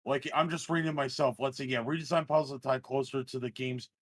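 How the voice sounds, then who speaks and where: A man hosting a gaming channel, chatting excitedly and swearing casually during a live reaction stream. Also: medium pitch, brisk, slight background noise. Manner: excitable, profane, reads news aloud.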